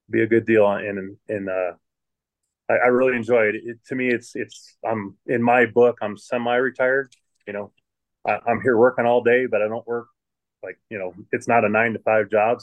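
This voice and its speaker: A middle-aged man from Michigan talks in a somewhat low voice, easygoing and unhurried. He rambles through anecdotes about his jobs as a podcast guest, circling back and restarting his sentences as he goes. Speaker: podcast guest, water plant manager. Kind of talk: casual storytelling interview.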